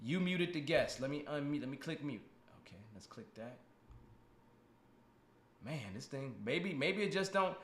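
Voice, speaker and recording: A man's voice: on the high side, lively intonation, a little slow, a bit bright. A man hosting a casual live stream with a guest on a video call, joking, teasing and laughing often. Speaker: podcast host. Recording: roomy echo.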